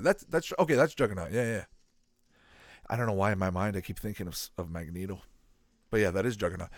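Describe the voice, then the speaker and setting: A man giving casual live commentary as he watches a video, excitable and thinking aloud, often asking his viewers questions. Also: on the low side, dry recording, clean studio sound. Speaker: reaction video host.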